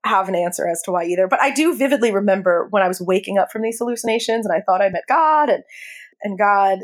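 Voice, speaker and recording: A woman speaks as an interview guest, recounting a personal story in a candid, animated way. She laughs often as she talks. Her voice sits at an ordinary middle pitch. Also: fast.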